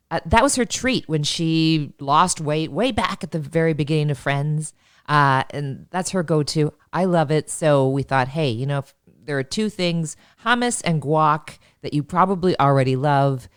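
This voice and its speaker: A woman's voice: sits low, normal speed, clean tone, no echo, clean studio sound. A woman co-hosting a comedic chat show, joking and laughing through her sentences. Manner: jokey, laughs often mid-sentence. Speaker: podcast co-host.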